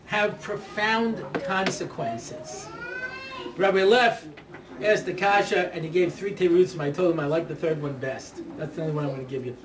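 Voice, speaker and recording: A man giving a Torah talk full of anecdotes and jokes, chatty, often checking in with "yeah?" and "you know", and laughing at his own jokes. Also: high-pitched. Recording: echoey room, mic far off, faint noise.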